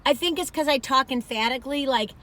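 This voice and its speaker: High-pitched, sharp-toned, and fast-talking, this northern American vlogger samples a dessert on camera, rambling and emphatic throughout her casual food review.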